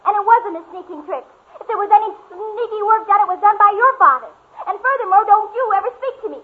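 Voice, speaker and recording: A woman's voice: very high voice, animated, quick pace. A woman playing a lovestruck, hot-tempered teenage girl in 1940s radio acting style, melodramatic and gushing. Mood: indignant. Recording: tinny old radio broadcast.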